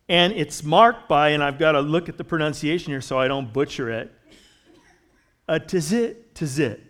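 Guy preaching a sermon, kinda high voice, chatty then gets loud and punchy on the verses. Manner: conversational preaching, rising to emphatic when reading scripture. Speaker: pastor.

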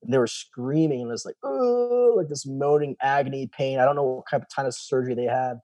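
Young guy rambling through his story, keeps going "he's like", soft dark voice. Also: medium pitch, level tone, quick pace, no echo. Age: young adult. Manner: loose, rambling, retells dialogue with "he's like". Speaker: guest telling his story. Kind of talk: casual storytelling.

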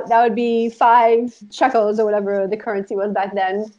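A woman's voice: a little high, fairly even intonation, fairly quick, highs cut off. A woman from Israel, a life coach, chatting as a guest and rambling through memories with lots of fillers and laughter. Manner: rambling, giggly, many "like" fillers. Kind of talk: casual storytelling chat.

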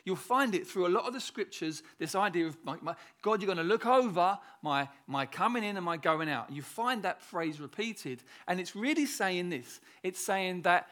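A man's voice: high-pitched, animated, normal speed, few pauses, fairly bright tone. A male pastor preaching a sermon in a conversational, emphatic way, repeating key phrases.

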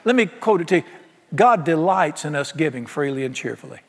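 A man preaching a sermon, folksy and animated, often acting out what people say. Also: on the high side, brisk. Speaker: pastor. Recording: long hall reverb.

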